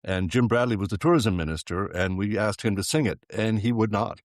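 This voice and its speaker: A political journalist on a panel, telling stories animatedly. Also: male voice, fairly low pitch, a little fast, dry recording, studio quality. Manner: animated storyteller. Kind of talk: casual panel chat.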